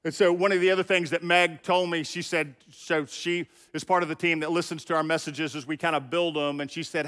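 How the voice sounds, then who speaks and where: This middle-aged pastor addresses his congregation conversationally and directly, his voice on the high side and fairly bright. He speaks fairly quickly with fairly even intonation and hardly any pauses, and the recording has a big-room sound.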